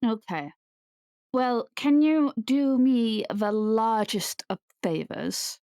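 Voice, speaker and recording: A woman's voice: on the high side, expressive, slow pace, darkish tone, smooth, no room sound. Dry-toned woman playing a tabletop game. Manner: dry, teasing. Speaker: player. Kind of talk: in-character tabletop role-play.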